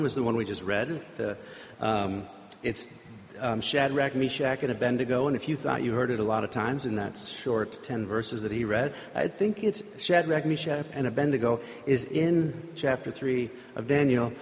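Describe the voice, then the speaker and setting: A man giving an informal sermon, retelling a Bible story in a conversational, rambling way with asides. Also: medium pitch. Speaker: preacher. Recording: reverberant hall.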